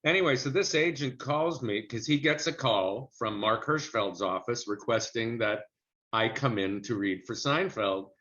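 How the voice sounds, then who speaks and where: A man's voice: medium pitch, measured pace, a bit bright. A middle-aged man telling a story from his acting career in an interview, chatty and anecdotal. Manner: chatty anecdotal storyteller who slips into character voices for quotes. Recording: muffled lo-fi sound.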